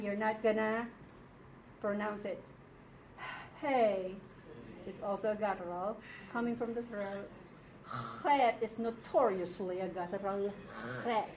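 A woman's voice: a little high, slight background noise. A woman from the Philippines teaching a class, explaining patiently and checking in with her students. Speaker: Hebrew teacher. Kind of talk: classroom lesson. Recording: echoey room from far off.

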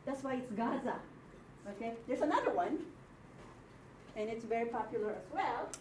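A woman teaching a Hebrew class in a classroom, slow and patient, often checking that her students follow. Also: fairly high pitch, lively intonation. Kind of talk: classroom lecture. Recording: echoey room from far off, faint noise.

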